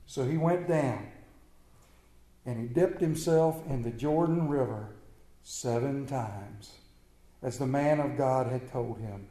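A man preaching a sermon to his congregation, retelling a bible story in lively fashion and calling out people by name. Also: mid-range voice, slow pace, echoey room. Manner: animated, acts out bible characters, addresses congregation by name.

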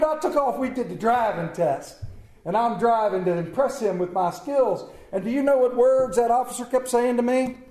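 A male preacher telling a comic personal story in a sermon, with animated delivery. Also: extremely high pitch, normal speed. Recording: echoey room.

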